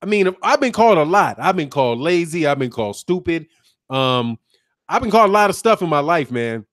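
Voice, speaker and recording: A fairly high, sing-song, slightly bright voice moves at a fairly quick pace as an American channel host jokes, laughs often, and reads live comments aloud in casual chat. It's recorded cleanly in studio quality with no room sound.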